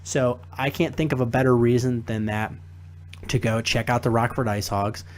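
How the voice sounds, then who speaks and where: A man's voice: mid-range voice, normal speed, slight background noise. A young man hosting a casual sports talk podcast, reading a sponsor spot and chatting with guests. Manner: animated, laughs while telling stories. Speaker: podcast host.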